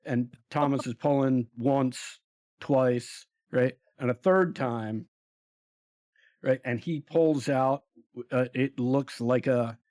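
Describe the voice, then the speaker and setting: A man narrating a tabletop game as game master, unhurried and full of fillers. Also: mid-range voice, darkish tone, dry recording, studio quality. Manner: unhurried, hesitant, many fillers.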